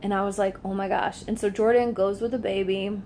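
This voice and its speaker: A woman's voice: medium pitch, flat delivery, fairly quick, warm tone, a little hiss or hum. Chatty young woman telling a story. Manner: chatty, says "like" constantly, acts out quoted lines. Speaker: vlogger. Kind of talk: casual storytelling to camera.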